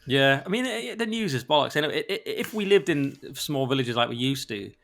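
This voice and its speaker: A man's voice: mid-range voice, animated, normal speed, gravelly, fairly bright tone. Jokey, rambling male podcast host. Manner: jokey, self-deprecating, rambling. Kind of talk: casual political podcast chat.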